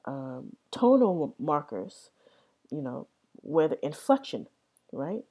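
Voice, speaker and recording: Low-voiced woman rambling, slow and dark. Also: big pitch swings, slightly rough. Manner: rambling, repeats words, many "right?" checks. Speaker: vlogger explaining language. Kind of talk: casual explanatory talk.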